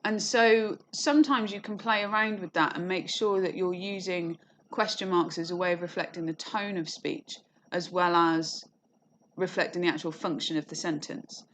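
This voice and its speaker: A woman teaching an online lesson, explaining clearly with frequent "okay" and "you know", and briefly acting out quoted lines. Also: on the low side, normal speed, fairly bright tone, a little hiss or hum. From England. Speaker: English teacher.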